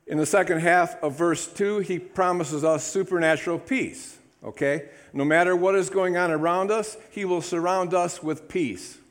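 A man's voice: high-pitched, moderate pace, hardly any pauses. A male pastor preaching a sermon in his church, upbeat and chatty, often calling for amens from the congregation. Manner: upbeat, calls for amens, lively congregation prompts. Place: church sanctuary.

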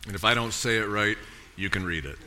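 A man's voice: fairly low pitch, a little fast, bright, forceful tone, slight background noise. A middle-aged man preaching a sermon, emphatic, often repeating and restarting words and calling for amens. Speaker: pastor.

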